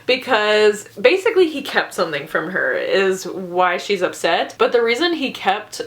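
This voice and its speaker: A woman's voice: mid-range voice, big pitch swings, moderate pace. Ranting woman reviewing books. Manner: ranting, exaggerated, laughs often. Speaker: book reviewer. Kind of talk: casual book review vlog.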